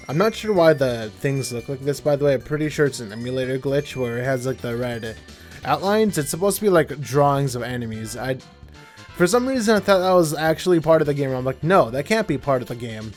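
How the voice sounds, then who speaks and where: A young man's voice, on the high side with a darkish tone, carries casual, rambling commentary as he plays a video game. He chats freely and keeps correcting himself mid-sentence in this let's-play style.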